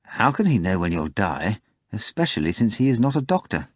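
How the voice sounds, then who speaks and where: A man's voice: fairly low pitch, big pitch swings, a little fast, slightly rough, no echo. A man doing a curt, proud professor. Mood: puzzled. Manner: curt, dry, puzzled. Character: brisk, proud middle-aged male professor of medicine.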